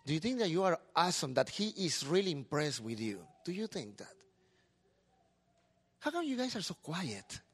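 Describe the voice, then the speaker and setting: A middle-aged man, a pastor preaching a sermon in a lively, talkative way. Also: a little high, normal speed, husky.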